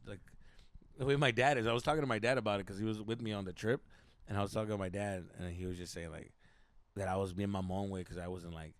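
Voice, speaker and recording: A young man with a gravelly, creaky edge to his voice. He tells animated, swear-heavy stories and drops Spanish slang as he goes. The sound is dry and close, with no room echo. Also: on the low side. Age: young adult. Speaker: podcast co-host. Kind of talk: casual chat.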